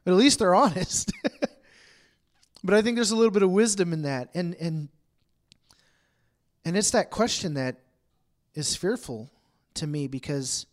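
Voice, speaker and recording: A man's voice: on the high side, darkish tone. A man preaching a conversational sermon to a congregation, acting out bits of everyday dialogue as he talks. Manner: chatty, acts out everyday dialogue in asides. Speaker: pastor. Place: room with a congregation.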